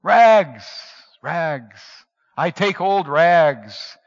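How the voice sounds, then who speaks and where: A gentle, mysterious ragman speaks low and hushed with quiet authority, as a male storyteller puts him on. The sound is dull and lo-fi, with a long hall reverb trailing each phrase. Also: moderate pace, natural voice. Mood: calling out.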